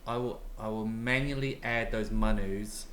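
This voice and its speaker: A man acting as game master in casual chat on a streamed tabletop game, excitable, swearing and laughing often, speaking into a desktop microphone. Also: lowish voice, a little slow. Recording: echoey room with background noise.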